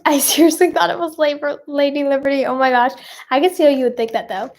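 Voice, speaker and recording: A young woman with a bright, high voice talks to her viewers on a live stream. She chats casually and bubbles along, rambling and giggling as she goes. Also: fairly even intonation, fast.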